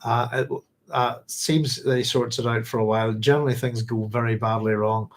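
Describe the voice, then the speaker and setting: A man's voice: medium pitch, fairly even intonation, normal speed, poor audio. A man hosting a book club, chatting loosely, correcting himself and laughing often. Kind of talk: casual book talk.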